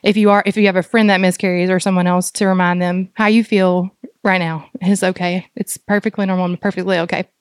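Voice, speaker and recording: A woman guest on a podcast interview, speaking earnestly and haltingly with many fillers as she describes her experience as a doula and mother. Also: lowish voice, flat delivery, smooth, no room sound, clean studio sound. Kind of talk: conversational interview.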